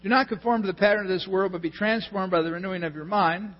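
A male pastor preaching a sermon in an animated way, acting out people's prayers with a mocking edge. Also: high voice, quick pace. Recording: lo-fi recording in a reverberant hall with mains hum.

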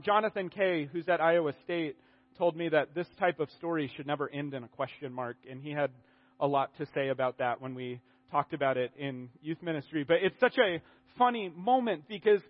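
A man preaching a sermon in a conversational, animated way, often restarting his sentences. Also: a little high, highs cut off.

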